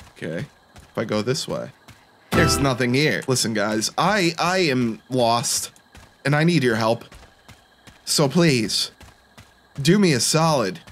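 Joking, animated young male gamer. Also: medium pitch, a little slow, pauses often. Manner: joking, self-deprecating, excitable. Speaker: gaming YouTuber. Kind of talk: let's-play commentary.

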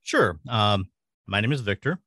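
A middle-aged man from rural Louisiana with a mostly neutral American accent and a faint Louisiana trace, talking fast and thoughtfully as a podcast guest. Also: on the low side, very animated, fairly bright tone, no echo, clean studio sound. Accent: mostly neutral American, slight Louisiana. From rural Louisiana, USA. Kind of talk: casual interview.

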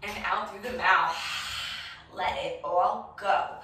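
A woman's voice: mid-range voice, fairly even intonation, takes it slowly, pushed and bright. A woman leading a children's yoga class with a playful, encouraging, sing-song manner. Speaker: kids yoga teacher. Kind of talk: guided kids yoga instruction. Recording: very echoey room from a distance.

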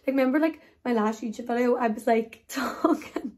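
A young woman talks to camera at a quick clip, her voice sitting a little high. She keeps it hushed, with lots of "like" and "wee" in a loose, chatty vlog style. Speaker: vlogger. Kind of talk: casual chat to camera. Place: home bedroom, getting ready.

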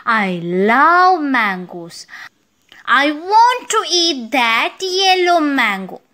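A woman's voice: high-pitched, very animated, very slow, sharp tone, exaggerated voice. A woman voicing a clever young male parrot in a children's story, cheerful and eager.

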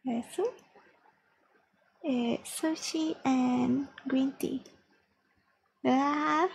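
Slow, high-voiced woman streamer. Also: steady tone, creaky, rough recording. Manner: slowly repeats practice phrases aloud, chats with viewers. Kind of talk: casual study-stream chat.

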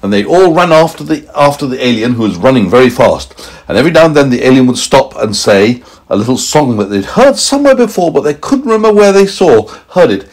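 A man's voice: brisk, few pauses. A man improvising a playful bedtime story for a small child at home. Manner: animated, playful, pitch swooping for emphasis. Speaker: parent storyteller.

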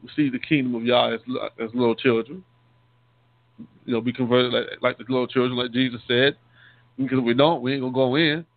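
A man's voice: mid-range voice, steady tone, a little fast. A man, a deacon, giving a conversational sermon, often repeating and restarting words and calling his listeners saints. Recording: tinny phone-line sound, dry.

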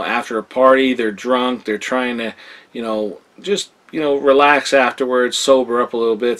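A man's voice: mid-range voice, fairly bright tone. Young guy reviewing films to camera, loose and rambling, lots of "uh" and "you know". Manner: rambling, repeats words with many fillers. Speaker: film reviewer. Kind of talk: casual video review.

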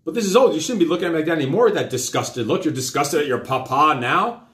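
A man's voice: a little high, lively intonation, fast talker, fairly bright tone. Rambling, cursing man in an echoey room. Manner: rambling, profane, with many fillers. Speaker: host and father. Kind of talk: casual storytelling on a live show. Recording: roomy echo.

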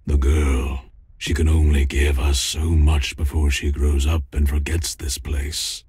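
An actor playing a smug, menacing crime boss in a noir game, with a deep gravelly voice and a slow, threatening manner. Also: male voice, little pitch movement, warm tone, no room sound, clean studio sound, full character voice.

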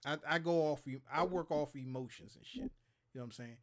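A man's voice: on the high side, brisk. A man in his thirties from Maryland, hosting a show and telling stories in casual, profane chat, acting out quotes and sound effects.

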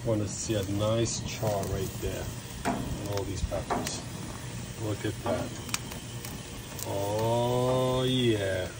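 A man giving a relaxed, chatty cooking demonstration, talking viewers through each step with lots of fillers and asides. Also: deep voice, unhurried. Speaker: home cook showing a recipe. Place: kitchen, then an outdoor backyard grill. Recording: outdoor background noise.

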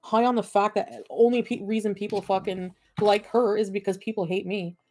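A woman's voice: medium pitch, steady tone, moderate pace, a little mellow. A woman streaming from home, ranting at her chat in a profane, combative and sarcastic way. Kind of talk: livestream rant at chat.

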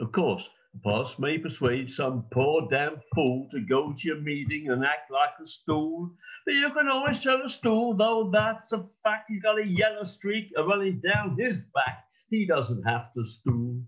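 A man performing a rhythmic talking blues recitation in a put-on American accent, with a lively, sardonic delivery. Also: fairly high pitch, highs cut off. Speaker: folk club performer. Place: home during online session.

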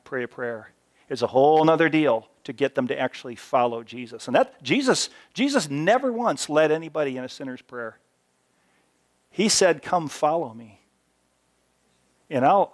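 A man preaching a sermon in an animated, storytelling way, swinging between loud and soft. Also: mid-range voice. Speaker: pastor.

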